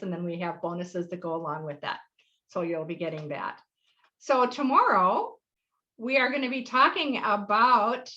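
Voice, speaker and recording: A middle-aged woman teaches a live webinar, her voice bright and a little tense. She talks in a friendly, meandering way, full of ums and restarts. The audio is dull and lo-fi, as over a video call. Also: medium pitch. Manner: friendly, rambling, with fillers and laughs. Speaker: workshop host.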